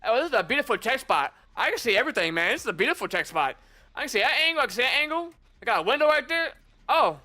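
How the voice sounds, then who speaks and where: Very high, sharp-voiced male gamer. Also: sing-song, rapid-fire. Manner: chatty, teasing taunts at opponents. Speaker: gamer streamer. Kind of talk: casual gameplay commentary.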